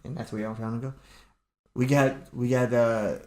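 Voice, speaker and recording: A man's voice: mid-range voice, fairly even intonation, moderate pace, a little mellow, roomy sound. A man co-hosting a casual chat at home, laid-back and stumbling over his first words. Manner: laid-back, repeats words when starting. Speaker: podcast co-host.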